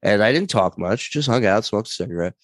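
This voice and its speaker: Man, comedian guest, very low voice, dry close sound, rambling and animated. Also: brisk, no echo. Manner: rambling, animated, many fillers. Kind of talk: casual storytelling.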